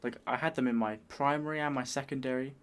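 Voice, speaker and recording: A British man hosting a reaction video, making relaxed, chatty asides and agreeing readily. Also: medium pitch, fast talker, clean tone. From United Kingdom. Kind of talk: casual reaction commentary.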